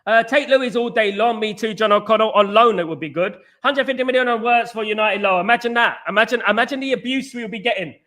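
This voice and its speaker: A middle-aged man from England hosting a casual live stream, reading chat and giving emphatic, repetitive shout-outs. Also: high voice, quick pace, few pauses.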